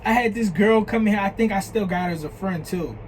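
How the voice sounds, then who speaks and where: High-voiced young man telling a story. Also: a little fast, a little hiss or hum, poor audio. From New Jersey. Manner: animated, profane, retelling chats with quoted lines. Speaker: vlogger. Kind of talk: casual storytime.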